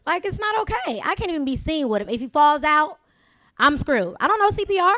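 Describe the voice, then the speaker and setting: A woman doing stand-up on a comedy club stage, her voice high and her sound dry and close. She talks to the audience in a sassy, confiding way, as if sharing gossip. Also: very animated, fairly quick, a bit bright, dry recording. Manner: sassy, confiding crowd work.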